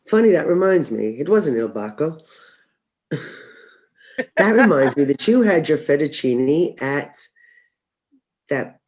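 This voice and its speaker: A man's voice: on the high side, sing-song, slow pace, long pauses, darkish tone. A man guest in a casual podcast chat, reminiscing and chiming in with short agreements.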